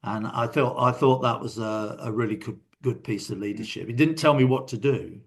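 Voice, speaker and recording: A man's voice: mid-range voice, moderate pace. An older man, a guest in a casual interview, telling reflective stories from his working life. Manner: reflective, anecdotal storyteller.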